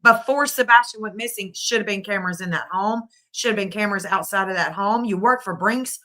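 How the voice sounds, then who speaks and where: A woman's voice: medium pitch, fairly quick, bright, forceful tone. A middle-aged woman hosting a livestream, giving emotional, scolding commentary and repeating phrases for emphasis.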